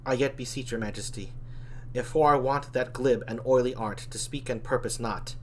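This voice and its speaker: Man reading a proud honest young princess, quiet verse, faint noise behind. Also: medium pitch, fairly even intonation, moderate pace, lightly acted. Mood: steady.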